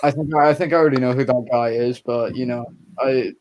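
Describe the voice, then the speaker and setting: A man's voice: mid-range voice, steady tone, a little fast, darkish tone. A man hosting a casual movie chat, rambling with stammering restarts and swearing freely.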